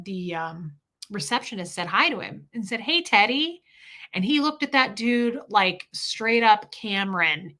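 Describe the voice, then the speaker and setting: A woman hosting a livestream, telling stories in a casual, profane, animated way and acting out the people she quotes. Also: medium pitch. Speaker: livestream host. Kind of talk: casual storytelling to a live chat.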